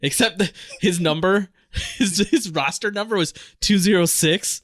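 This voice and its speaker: A man's voice: sits high, measured pace, no room sound. A man co-hosting a podcast in casual chat, easygoing and reactive, who often laughs. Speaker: podcast co-host.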